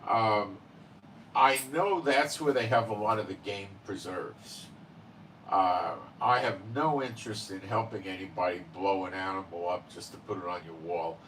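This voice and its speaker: A man's voice: deep voice, normal speed, a bit bright, recorded from a distance, a little hiss or hum, rough recording. A man hosting his own channel, talking in a rambling casual monologue full of fillers and "okay?" tag questions. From Israel. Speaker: channel host.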